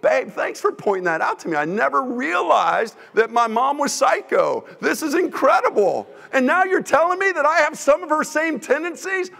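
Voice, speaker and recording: A man's voice: extremely high pitch, very animated, normal speed, gravelly, few pauses, a bit bright, in a large hall, pitched above the performer's own voice, exaggerated voice. A man voicing an adult spouse who gives mock-sweet, exaggerated thanks during a sermon. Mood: mock gratitude.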